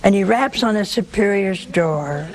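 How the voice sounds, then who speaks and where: A woman's voice: medium pitch, expressive, unhurried, over a noisy crowd, poor audio. Woman with a sore throat telling a saint's tale. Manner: homely, humorous asides. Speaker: religious storyteller. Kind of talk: storytelling talk to an audience.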